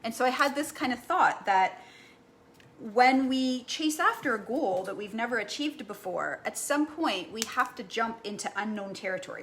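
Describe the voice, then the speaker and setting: A woman's voice: medium pitch, fairly bright tone, a little hiss or hum. Chatty woman cooking in an echoey kitchen. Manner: chatty, rambling, frequent "right?" and "like". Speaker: cooking vlogger. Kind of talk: casual chat while cooking. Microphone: camera mic.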